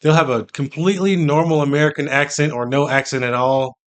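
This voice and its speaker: A man's voice: a little high, steady tone, brisk. A man hosting a reaction video, talking casually and sounding incredulous. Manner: incredulous and chatty. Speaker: reaction channel host.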